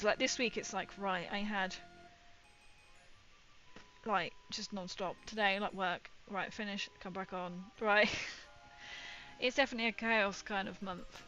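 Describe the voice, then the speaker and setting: A woman's voice: medium pitch, sharp tone. A woman, chatting casually with viewers on her livestream, rambling and laughing often. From England. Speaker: livestream host.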